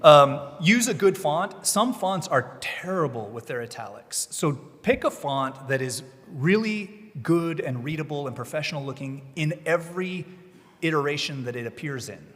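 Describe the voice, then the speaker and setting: A man's voice: fairly high pitch, expressive, moderate pace, a bit bright. A man presenting a legal writing session at a conference, explaining in a conversational, emphatic way. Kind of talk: conference talk. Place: conference room. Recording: long reverb of a conference hall.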